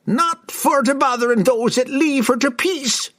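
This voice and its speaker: A man's voice: measured pace, a bit bright. A man voicing a wrinkled, bent old woman who snaps angrily in rustic broken speech. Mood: snapping angrily. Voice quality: shrill, cracking falsetto.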